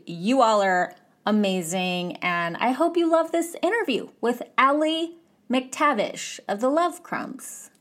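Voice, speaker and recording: A woman's voice: mid-range voice, a bit bright. A woman hosting a podcast, talking in an effusive, enthusiastic way as she opens the show and interviews a guest. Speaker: podcast host.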